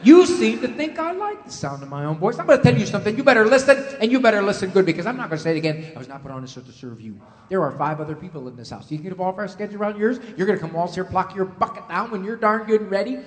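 A man voicing a loud, nagging mother who lectures her child without end, in an echoey hall. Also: sits high, rapid-fire, few pauses. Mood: scolding. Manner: loud, nagging, exaggerated tirade. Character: scolding middle-aged mother, endless lecturer.

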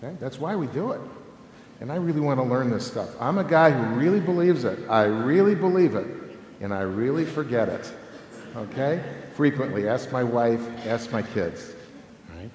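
In a hall with long, echoey reverb and faint noise, a man in his fifties gives a humorous conference talk on family ministry. His mid-range voice moves at normal speed as he animatedly tells stories, constantly tacking on "okay?" to check in.

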